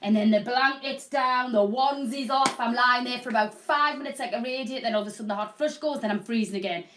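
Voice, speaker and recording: Chatty middle-aged woman selling stuff live, slightly high voice, rambly and jokey. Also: fast talker, background noise. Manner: chatty, rambling, self-deprecating. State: having a hot flush. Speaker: shopping channel host.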